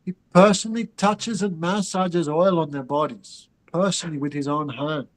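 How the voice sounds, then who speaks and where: A man's voice: on the high side, moderate pace, rough recording. A man teaching a scripture class. He chants Sanskrit and Bengali verses and then explains them, turning to his students with asides. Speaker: spiritual teacher.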